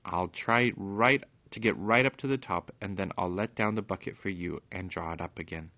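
Man reading as a goblin dog, low growl, fierce but good-hearted, storybook, lo-fi sound. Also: no echo. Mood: devoted. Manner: low growling delivery, slow and deliberate. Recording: dull lo-fi recording.

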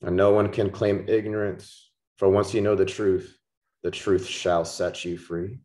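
Langsamer, tiefer Prediger mit Nachdruck. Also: male voice, sits low, flat delivery, a little mellow. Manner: slow, emphatic, repeats key words. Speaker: preacher. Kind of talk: sermon. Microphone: podcast microphone.

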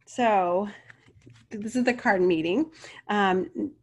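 A woman's voice: lowish voice, fairly even intonation, normal speed. A middle-aged woman talking casually and earnestly as a spiritual coach and card reader, rambling a little. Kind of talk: casual spiritual vlog talk. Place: home video setup.

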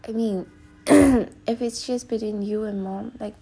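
Soft-voiced young woman, rambling podcast chat. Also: mid-range voice, steady tone, takes it slowly, vocal fry, slightly rough. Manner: rambling, many fillers, drops into a soft whisper at times. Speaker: podcast host. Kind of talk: casual solo podcast storytelling.

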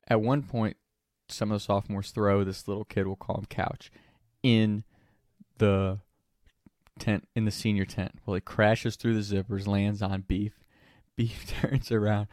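A man's voice: lowish voice, a little mellow, dry recording, studio quality. A young man casually telling a funny story, laughing often and swearing freely.

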